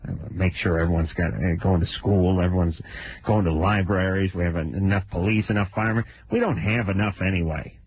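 A man in his thirties co-hosting a late-night radio call-in show, ranting sarcastically and jumping his pitch up for comic bits. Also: fairly quick. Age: 30s. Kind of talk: casual comedic radio banter. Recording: narrow phone-like radio sound.

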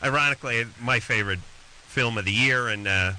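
A man's voice: mid-range voice, fairly quick, pushed and bright, poor audio. A man hosting a call-in advice show, rambling and joking with sports comparisons. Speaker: radio show host.

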